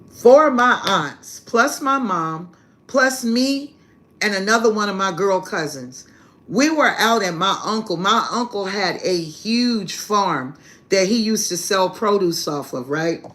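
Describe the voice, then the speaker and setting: A woman's voice: mid-range voice, fairly bright tone. Brash, profane woman telling a story. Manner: brash and profane, calls listeners "baby"; laughs heartily through the story. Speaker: spiritual reader hosting a live stream. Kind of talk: casual storytelling to a live chat.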